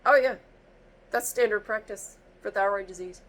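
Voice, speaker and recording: A woman's voice: mid-range voice, normal speed, a bit bright, natural voice. A woman mimicking a condescending female doctor who talks down in curt, repetitive phrases. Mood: dismissive.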